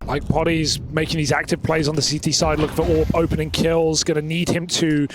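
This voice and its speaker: A man calling play-by-play on a pro esports match, with quick, emphatic calls and banter. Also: a little high, little pitch movement, background noise. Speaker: esports caster. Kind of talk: play-by-play commentary. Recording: clear gunfire from game behind.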